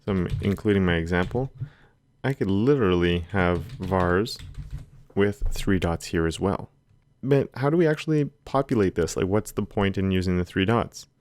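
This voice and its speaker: A man with a very low voice walks through a coding tutorial in an easy, conversational way, thinking aloud as he types. The sound is close and dry, with keyboard clicks underneath. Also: no room sound. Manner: relaxed, talks while typing code. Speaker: coding instructor. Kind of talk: screen-recorded coding tutorial. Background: keyboard typing.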